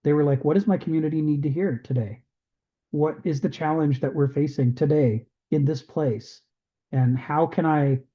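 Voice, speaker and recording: A man hosting an online discussion group in a casual lecture style, lively and acting out quoted voices. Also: fairly high pitch, dull audio. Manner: animated, acts out quoted voices.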